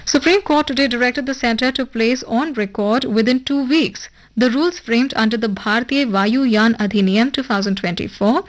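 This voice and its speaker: A woman reading a formal radio news bulletin in a measured, even broadcast delivery. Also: a little high, poor audio. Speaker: newsreader. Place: radio studio.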